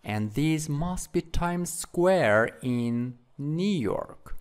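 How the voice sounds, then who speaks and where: A man's voice: fairly high pitch, animated, drawn-out words. A male teacher reading a schoolgirl's part in a textbook dialogue, in plain read-aloud style.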